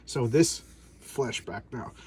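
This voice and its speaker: A man's voice: mid-range voice, slow, mellow, breathy edge. A man casually recapping a comic book in a rambling, sarcastic way, with many restarts. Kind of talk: casual video commentary.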